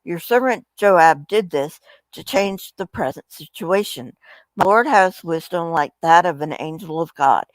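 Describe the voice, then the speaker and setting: A woman's voice: fairly low pitch, lively intonation, measured pace, no echo, rough recording. A woman reading as a pleading, humble widow.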